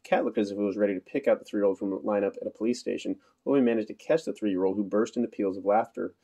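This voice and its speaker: A man's voice: fairly low pitch, steady tone, fast, dark tone. A man narrating an audiobook in a dry, understated storytelling manner. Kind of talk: scripted narration.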